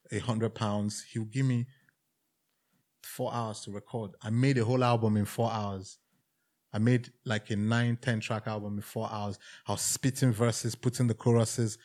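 A Nigerian man in his forties, a music executive telling his life story as a guest on a casual interview show, animated and fond of acting out the voices he quotes. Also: medium pitch.

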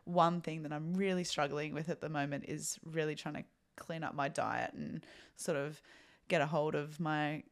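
A woman's voice: low voice, steady tone, normal speed. A young woman co-hosting a podcast, speaking frankly with swearing and self-mockery. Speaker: podcast co-host. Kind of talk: casual chat.

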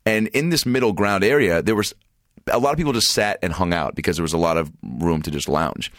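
A man from Seattle with a very deep voice, chatting as a podcast guest. He tells animated stories, swears freely and jumps into high put-on voices. The sound is dry and close, with no room around it. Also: brisk, no room sound. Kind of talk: casual podcast chat.

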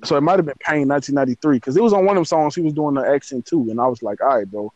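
A man's voice: medium pitch, very fast, a little mellow, no echo, muffled recording. A man co-hosting a casual music review chat, blunt and dismissive in a loose slangy way.

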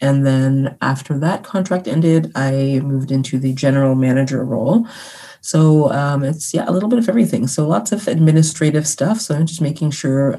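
A woman who manages an arts organization, chatting as a podcast guest, laughing often and filling pauses with "you know". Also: deep voice, warm tone. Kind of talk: casual interview chat.

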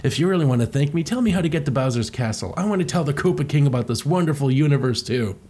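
A man's voice: a little high, lively intonation, fast, warm tone, husky. Man doing Mario as a soothing therapist. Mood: earnest. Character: calm earnest plumber hero playing therapist.

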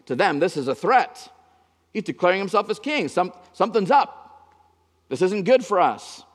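A male pastor preaches with a slightly raised voice, pressing hard on some lines and dropping almost to a murmur on others. His words ring out with a long hall reverb, as in a big church sanctuary. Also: high voice. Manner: dynamic preaching, swinging from emphatic to hushed. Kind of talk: sermon.

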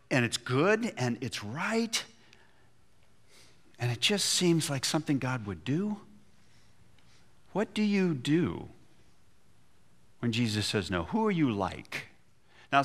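A man's voice: medium pitch, very animated, unhurried, long pauses. A man preaching a sermon, retelling a scripture story and acting out the quotes with feeling. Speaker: pastor.

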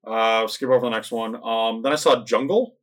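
A man talks loosely about films with friends, rambling through plots and slipping into quick acted-out lines. His voice sits in an ordinary middle pitch for a man. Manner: rambling, animated retelling of plots, acts out lines. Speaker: podcast co-host reviewing movies. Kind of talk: casual chat.

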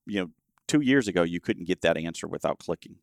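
A man speaking as a guest expert in a casual conversation, confident and emphatic, often answering with quick agreement. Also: low-pitched, animated, creaky, no echo, clean studio sound. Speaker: guest expert on web marketing.

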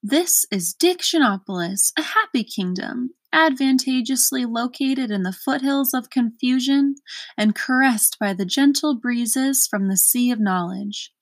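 A woman's voice: on the high side, a little slow, dry recording. A woman voicing a pompous, impatient male gatekeeper with an officious manner.

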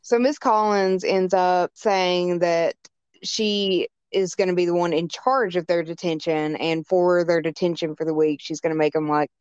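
Smooth-voiced woman recapping a film plot. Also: lowish voice, normal speed, dry recording, lo-fi sound. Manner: relaxed plot recapping with many fillers. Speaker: podcast co-host. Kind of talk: casual movie review chat.

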